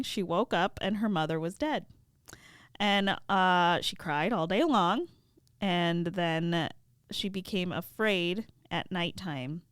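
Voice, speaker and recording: A woman podcast co-host retelling a fairy tale casually, with animated, laughing asides. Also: lowish voice, clear, resonant tone, no echo, clean studio sound.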